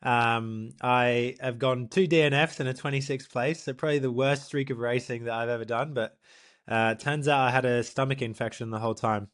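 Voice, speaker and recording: A young man who is a professional triathlete co-hosts a podcast, telling a story in a casual chat at normal speed with a medium pitch. He is lively and animated, acting out what people said and laughing often.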